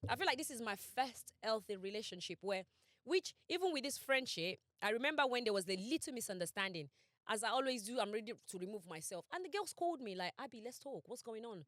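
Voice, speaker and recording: Animated young woman telling a story. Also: fast talker, no room sound, studio quality. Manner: animated, emphatic, quotes herself and others with dramatic pitch swings. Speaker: podcast co-host. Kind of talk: casual storytelling chat.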